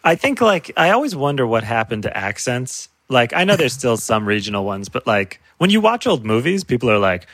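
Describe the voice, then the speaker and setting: A man's voice: mid-range voice, big pitch swings, normal speed, hardly any pauses, fairly bright tone, no echo, studio quality. A male comedian in a casual chat, laughing often as he riffs and acts out silly voices. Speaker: comedian guest.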